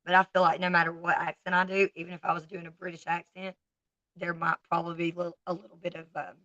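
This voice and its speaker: A woman's voice: lowish voice, little pitch movement, fast, sharp tone, no echo, muffled recording. A woman in her forties with a Southern US accent, chatting bluntly and candidly to viewers on a casual livestream. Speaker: livestream host.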